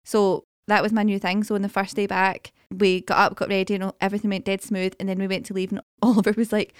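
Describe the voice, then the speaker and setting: A woman chats on a podcast in an easy, sociable way and laughs readily. Her pitch sits in the middle, and the recording is dry and close, with no room around it. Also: flat delivery, fast, smooth, no echo. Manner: chatty, laughs easily. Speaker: podcast co-host. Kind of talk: casual chat.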